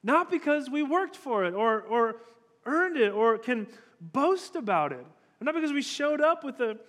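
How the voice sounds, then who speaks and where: A man's voice: extremely high pitch, sing-song, a little slow, a bit bright. A male pastor preaching a sermon in a church hall, conversational and emphatic. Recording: long hall reverb.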